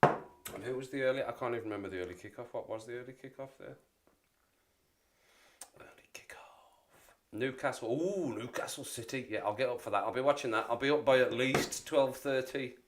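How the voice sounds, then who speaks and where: A man's voice: medium pitch, quick pace, background noise. A middle-aged man chatting casually on a live stream, joking and repeating himself. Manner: jokey, rambling, repeats himself. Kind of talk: casual chat.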